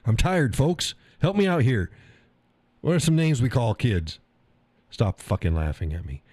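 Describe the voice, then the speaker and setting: A man's voice: medium pitch, expressive, a little slow, darkish tone, no echo. A man in his sixties hosting a live stream, tired, crude and rambling as he reads chat aloud and laughs often.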